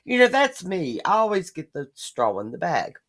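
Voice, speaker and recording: A woman co-hosting a show in casual chat, animated and blunt, swearing freely while she complains. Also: fairly low pitch, moderate pace. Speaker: podcast co-host.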